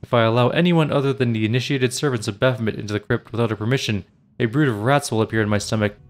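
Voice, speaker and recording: A man's voice: medium pitch, fast, close to an everyday voice. A man voicing a nervous young male cleric who stutters and pleads. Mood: frightened. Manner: stammering, pleading.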